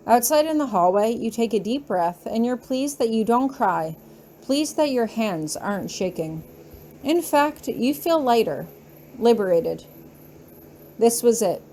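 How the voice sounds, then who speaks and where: A woman narrates a fan fiction audiobook in a calm, measured way. Her voice is mellow and warm, with faint noise in the background. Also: medium pitch. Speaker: audiobook reader.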